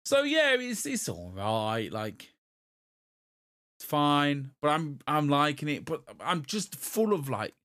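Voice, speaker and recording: A young man chats loosely on a gaming podcast, his voice sitting a little high. He rambles through long lists and restarts his sentences. He laughs easily at his own jokes. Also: very animated, takes it slowly, a bit bright. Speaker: podcast co-host. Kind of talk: casual chat about video games.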